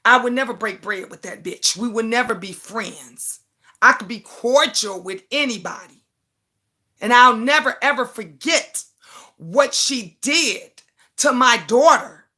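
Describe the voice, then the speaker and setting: A woman's voice: fairly high pitch, unhurried, bright, forceful tone. Brassy, emphatic older woman host. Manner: blunt, emphatic, repeats words, reads viewer comments. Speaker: livestream host. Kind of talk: casual livestream talk.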